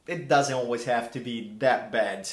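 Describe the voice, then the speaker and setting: A middle-aged man hosting a casual vlog, animated and theatrical, with mock outrage. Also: medium pitch, unhurried. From Italy. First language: Italian. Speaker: language channel host. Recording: echoey room.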